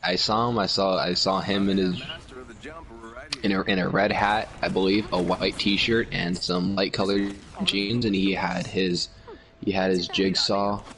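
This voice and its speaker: Low-voiced young man telling rambling stories. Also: flat delivery, fairly bright tone. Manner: rambling, profane storytelling with quick impressions of others. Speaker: friend chatting. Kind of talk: casual chat.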